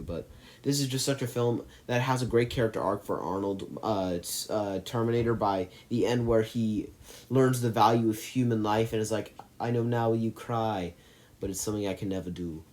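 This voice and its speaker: Rambling, enthusiastic lower-voiced man. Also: normal speed, darkish tone. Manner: enthusiastic, rambling with frequent restarts. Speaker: movie channel host. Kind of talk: casual movie ranking talk.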